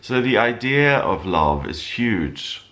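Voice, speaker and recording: A man with a fairly low voice gives a weekly horoscope in a casual, unscripted way. He explains the stars calmly and drifts into loose, rambling asides. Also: slow pace. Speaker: astrologer giving a weekly horoscope. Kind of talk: casual spoken forecast.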